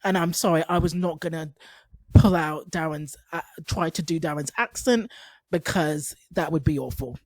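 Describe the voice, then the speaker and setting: A woman's voice: low voice, moderate pace, no room sound. A woman giving casual commentary as a YouTube commentator, chatty with sarcastic asides.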